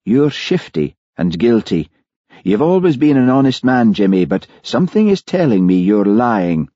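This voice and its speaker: Man doing a constable, shrewd, coaxing, persistent, husky. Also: on the low side, very animated, normal speed, mellow, no echo, muffled recording, voice pushed up. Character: shrewd patient male Highland police constable.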